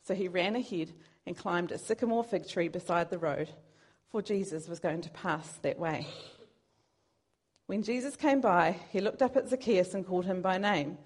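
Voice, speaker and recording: A woman's voice: fairly low pitch, lively intonation, moderate pace, darkish tone. A woman preaching a sermon in an earnest, conversational way, now and then poking fun at herself. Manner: earnest, conversational, self-deprecating.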